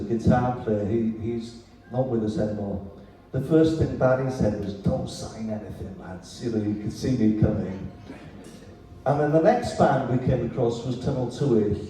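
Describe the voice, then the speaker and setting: A man from Wales telling lively anecdotes at a festival talk. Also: mid-range voice, heavy reverb, recorded from a distance, slight background noise, low-quality recording. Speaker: festival speaker. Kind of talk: storytelling at a literary event.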